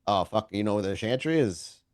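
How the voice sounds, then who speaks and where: A man's voice: on the low side, lively intonation, fairly quick, a little mellow, no echo, studio quality, lightly acted. A man voicing a blunt, distrustful, foul-mouthed male vampire in a tabletop game. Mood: gruff.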